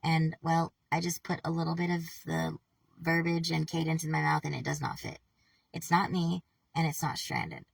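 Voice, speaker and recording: A woman vlogger talking casually to camera, swearing heavily in an animated, worked-up way. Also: low voice, gravelly, slightly rough, dry recording, far from the mic, poor audio. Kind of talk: casual vlog monologue.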